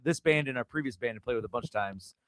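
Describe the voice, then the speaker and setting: A man's voice: mid-range voice, fast talker, fairly bright tone, no room sound. A man hosting a podcast in casual chat, rambling with frequent restarts and casual swearing.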